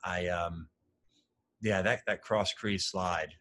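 A male lacrosse coach in casual conversation, telling animated, rambling stories full of fillers. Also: low voice, slow pace.

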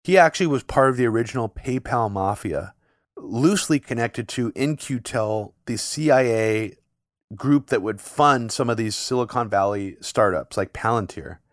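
A man co-hosting a casual political podcast, holding forth in long run-on sentences with a sarcastic bite. His voice sits at an ordinary middle pitch and is recorded close and dry, with no room sound. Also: moderate pace, no room sound. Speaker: podcast co-host.

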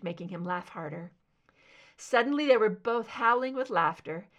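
A woman narrating a story aloud in a measured, expressive reading voice. Her pitch sits in the middle range, and her intonation moves animatedly from line to line. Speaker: audiobook reader. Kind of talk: fan fiction reading.

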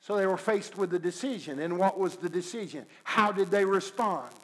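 A man preaching a sermon, acting out scripture scenes with sudden swings between loud urging and hushed pleading. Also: high-pitched, lively intonation, normal speed, low-quality recording. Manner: dramatic, acts out dialogue with God, swings from loud to hushed.

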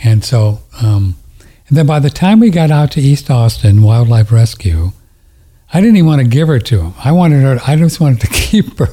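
A man's voice: a little high, animated, normal speed, dark tone. A man telling a story in a casual chat on a studio mic, rambling, emotional and tender, often laughing.

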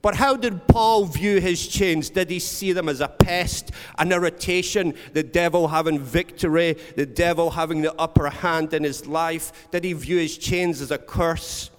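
A man's voice: on the high side, moderate pace, few pauses, clean tone. A man preaching a sermon, earnest and storytelling, repeating words for emphasis. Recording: long reverb of a large hall.

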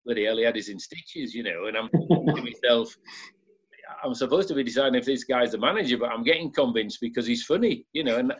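A man's voice: mid-range voice, lively intonation, quick pace, husky. A man, a former football club director, telling a casual anecdote and laughing as he goes. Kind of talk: casual storytelling. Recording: dull lo-fi sound.

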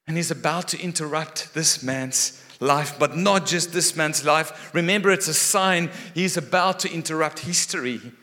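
A man preaching in a large hall with a long, ringing echo. His voice is bright and forceful and sits a little high for a man. He swings from raised, animated lines down to hushed, quiet ones. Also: moderate pace, few pauses. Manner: animated, dramatic shifts between loud and hushed. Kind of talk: sermon. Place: church hall.

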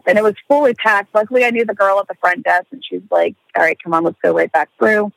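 Animated young woman telling a story. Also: mid-range voice, fairly quick, vocal fry, no room sound, low-quality recording. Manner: animated storyteller, swearing, laughing, acting out quotes. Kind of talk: casual podcast chat.

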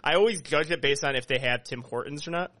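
A man hosts a podcast, chatting loosely and cracking jokes with a guest over a video call. His voice is bright and forceful, and it sits dry and close with no room around it. He tends to talk over others. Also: a little high, fast talker, no room sound. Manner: joking, talks over others. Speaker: podcast host. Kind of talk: casual chat.

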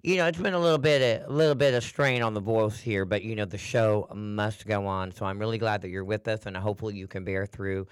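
A flamboyant male radio host with a husky, strained, throaty voice that still comes through smooth and resonant. He chats breezily and calls people honey and doll. The sound is dry and close. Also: fairly low pitch, fairly even intonation, fairly quick, few pauses, no room sound. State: hoarse, strained voice. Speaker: talk show host. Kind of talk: casual radio talk show chat.

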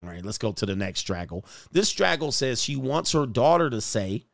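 A man's voice: medium pitch, sing-song, moderate pace, gravelly, dry recording, studio quality. A man reacting to video clips in casual, crude, exasperated commentary.

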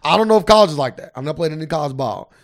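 A man's voice: on the high side, expressive, racing. A man co-hosting a podcast, talking in a loose, rambling way with lots of "like". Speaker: podcast co-host. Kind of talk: casual chat.

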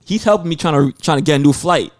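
A young man telling a travel story in casual podcast chat, profane and animated, acting out other people's voices. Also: a little high, quick pace. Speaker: podcast co-host.

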